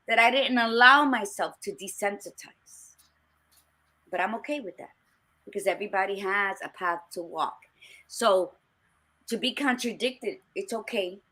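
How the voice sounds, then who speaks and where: A woman's voice: mid-range voice, sharp tone. A middle-aged woman co-hosting a podcast, talking bluntly and emphatically with frequent swearing. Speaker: podcast co-host. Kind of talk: casual chat.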